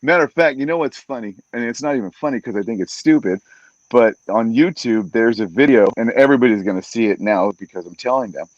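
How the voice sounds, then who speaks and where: A man, a fight announcer, chats as a podcast guest and tells stories with lively energy, slipping into other people's voices as he goes. His voice sits at a middle pitch. The audio is dull and very dry. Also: quick pace, dry recording. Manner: animated, acts out other people's lines. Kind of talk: casual storytelling in a podcast interview.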